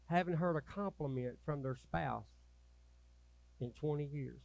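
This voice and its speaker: A man preaching a sermon as pastor, folksy and swinging from loud urging to low, quiet asides. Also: measured pace, creaky, no room sound. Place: church sanctuary.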